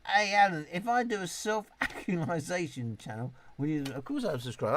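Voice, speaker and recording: A man's voice: on the high side, very animated, brisk, few pauses, a bit bright. Chatty British man in his fifties. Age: 50s. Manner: chatty, rambling, swears freely, reads chat aloud. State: tipsy. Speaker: live streamer. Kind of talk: casual live-stream chat reading comments.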